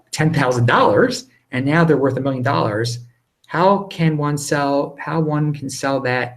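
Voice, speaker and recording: Man hosting a live viewer Q&A. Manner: animated, talks over himself with quick restarts; lowered, near-whispering voice. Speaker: livestream host answering viewer questions. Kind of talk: casual live Q&A. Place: apartment.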